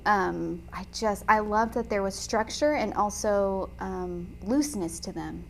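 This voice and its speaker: A woman teaching watercolor painting in a chatty, enthusiastic way, often pausing with "um" while she talks. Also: medium pitch, creaky, a little hiss or hum. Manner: chatty and enthusiastic, frequent "um" fillers. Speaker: watercolor instructor. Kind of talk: casual tutorial chat while painting.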